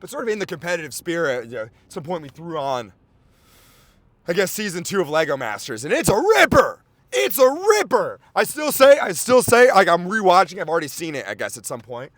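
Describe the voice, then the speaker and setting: A man hosting a podcast, rambling in casual chat with lots of swearing, fillers and excitable outbursts. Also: on the high side, fairly quick, dry recording. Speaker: podcast host.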